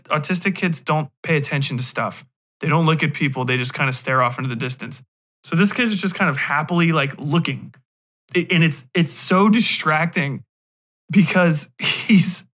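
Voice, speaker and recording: A man's voice: fairly high pitch, fairly bright tone. A man hosting a podcast, talking through a film in a frank, rambling, casual monologue. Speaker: podcast host. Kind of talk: casual movie review monologue.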